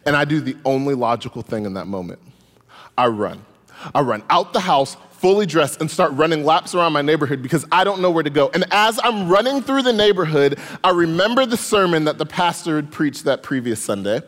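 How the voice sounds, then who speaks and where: Brief: young male storyteller, animated and comic, higher-pitched; hall with long reverb. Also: a little fast. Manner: animated, comic, rising in excitement. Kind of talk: live stage storytelling.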